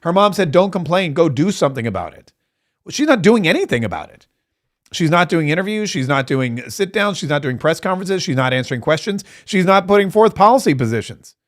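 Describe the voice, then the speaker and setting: A man hosting a live political reaction stream, talking in a sarcastic, mocking and excitable way. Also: sits high, fairly quick. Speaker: political commentator host.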